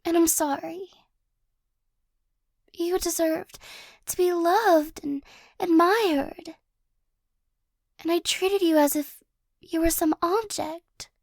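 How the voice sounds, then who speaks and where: A woman performs a remorseful young ex-girlfriend in an ASMR role-play. Her voice sits very high and moves slowly, with halting pauses and nervous little laughs. The sound is dry and close. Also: steady tone, vocal fry, no room sound, heavily acted. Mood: apologetic.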